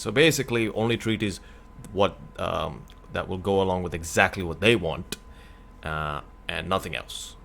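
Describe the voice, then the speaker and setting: A man's voice: deep voice, vocal fry, a bit bright, slight background noise. A streamer man reading news aloud and adding blunt comments, stumbling over hard names.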